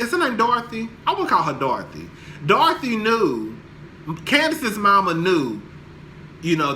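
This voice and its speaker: A young man casually recapping a reality TV episode, sassy and animated, laughing often as he gossips. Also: a little high, a little hiss or hum.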